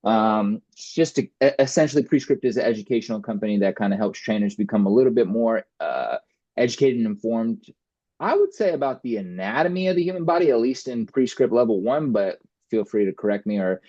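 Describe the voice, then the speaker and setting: A man's voice: on the low side, lively intonation, brisk, warm tone, no room sound, muffled recording. A man hosting a casual fitness podcast interview over a video call, upbeat and chatty, often addressing listeners directly. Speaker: podcast host and fitness coach.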